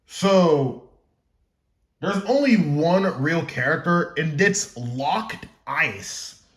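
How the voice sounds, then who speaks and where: A man's voice: fairly high pitch, expressive, extremely slow, fairly bright tone, echoey room. A man casually explaining the story of his own fan game series, rambling and stumbling without a script, joking to himself. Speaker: gaming YouTuber.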